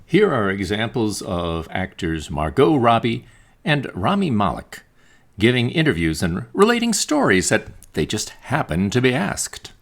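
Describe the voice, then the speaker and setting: A man narrates an instructional video with a low voice that swings widely up and down. His delivery is lively, with jokes dropped in between the points. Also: unhurried, vocal fry. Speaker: presenter.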